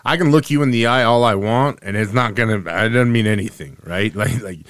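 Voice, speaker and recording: A man co-hosting a sports podcast over a remote setup, talking casually in a joking, facetious, animated way. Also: fairly low pitch, fairly quick, smooth, dry recording, studio quality. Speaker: podcast co-host. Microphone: remote call setup.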